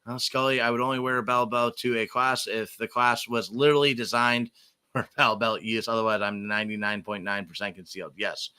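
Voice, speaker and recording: Bright-voiced casual male host. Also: mid-range voice, steady tone, fairly quick, clean tone. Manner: laughs often, reads viewer comments, swears casually. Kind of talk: casual livestream chat.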